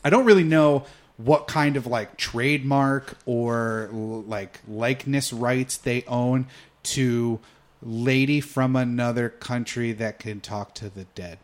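Man, podcast host, casual chat, dry humor, mid-pitched voice. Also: slow.

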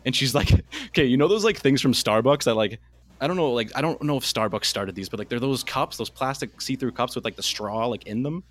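Young male podcast co-host, casual movie recap, loose and rambling, lots of fillers, average pitch. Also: expressive, fairly quick, a bit bright. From Canada. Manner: rambling, heavy with fillers and restarts. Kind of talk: casual movie review chat.

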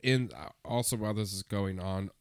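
A man's voice: on the low side, a little fast, darkish tone, clean tone, dry recording. A man co-hosting a history podcast in casual chat, laid-back and chuckling as he hunts for words. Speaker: podcast co-host.

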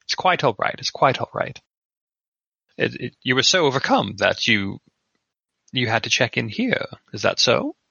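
A man's voice: mid-range voice, very animated, moderate pace, vocal fry, pauses often, pushed and bright, husky, no echo, muffled recording, full character voice. A man voicing a courteous, old-fashioned investigator who comforts awkwardly and politely. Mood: soothing.

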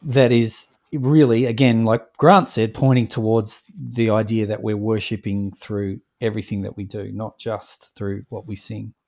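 A man co-hosting a casual talk, speaking in a halting way and repeating words as he goes. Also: fairly low pitch, steady tone, creaky, a little mellow. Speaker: podcast co-host. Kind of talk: casual chat.

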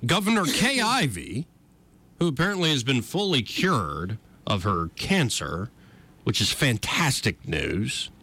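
A man's voice: medium pitch, sing-song, a little slow, sharp tone, breathy edge. A man hosting a political talk radio show, sarcastic and conversational.

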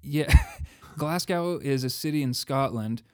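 A man's voice: mid-range voice, measured pace. A man from the United States co-hosting a casual chat show, joking, swearing and mocking himself. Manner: self-mocking, profane, joking. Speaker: podcast co-host.

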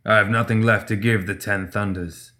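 A man's voice: lowish voice, steady tone, normal speed, pushed and bright. Man doing a desperate, beaten shopkeeper. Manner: pleading, crying out in pain.

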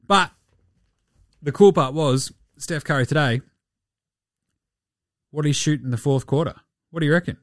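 A man's voice: medium pitch, no echo, studio quality. A man hosting a casual basketball show, swearing freely and reeling off stats with jokes. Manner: sweary, joking, rapid-fire stats. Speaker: basketball podcast host. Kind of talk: casual sports commentary.

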